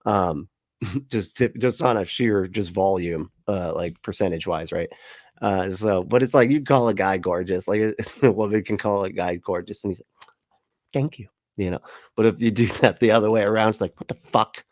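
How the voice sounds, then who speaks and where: A man chats casually on his livestream, reading out viewer comments, laughing between lines and dropping swear words as he drifts off on tangents. His voice sits a little low and sounds dry and close to the mic. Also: moderate pace, a little mellow, no room sound. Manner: laughs often, swears casually, chatty and rambling. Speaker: livestream host reading chat. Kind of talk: casual chat.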